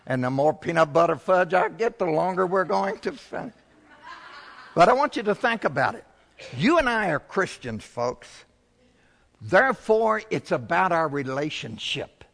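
A man's voice: on the high side, big pitch swings, unhurried, gravelly, fairly bright tone, big-room sound. A male pastor preaching a sermon, building to emphatic, rising swells.

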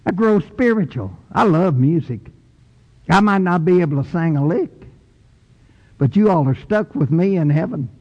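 A middle-aged man preaching a sermon emphatically, rising loud and dropping soft. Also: sits high, expressive, moderate pace, muffled recording. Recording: long church reverb.

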